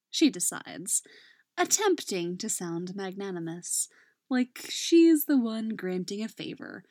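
A woman narrating a romance story in a soft voice that drops into whispers. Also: medium pitch, dry recording, clean studio sound.

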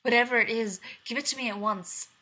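A woman's voice: medium pitch, a little fast, sharp tone, breathy edge. A woman voicing a desperate young queen stepmother in a storytelling reading, urgent and pleading.

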